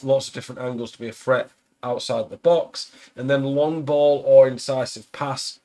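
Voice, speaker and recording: A man's voice: medium pitch, little pitch movement, moderate pace, darkish tone. Casual young man explaining game tactics. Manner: conversational, thinking aloud with fillers. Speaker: gaming content creator.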